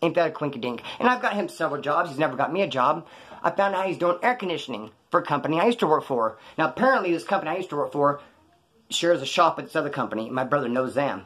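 A husky, slightly high-voiced man rattling off his story at a rapid clip. He tells it casually, in slang and swearing. He slips into the voices of the people he quotes. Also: fairly bright tone. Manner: slangy and profane, acts out quoted dialogue. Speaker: former inmate telling his story.

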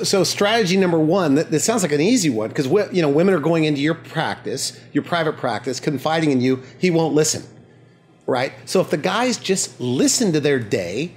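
Male host summing up a guest's points. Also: a little high. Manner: summarizing, repeats words at starts. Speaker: talk show host. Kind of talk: interviewing a guest.

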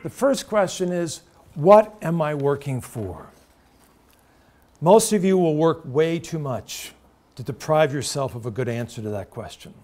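A middle-aged man addresses a room of university students. His voice sits somewhat high for a man, and he talks in an earnest, storytelling way, often turning to the listeners with direct questions. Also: lively intonation, a little slow, darkish tone. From United States. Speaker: lecturer. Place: lecture room.

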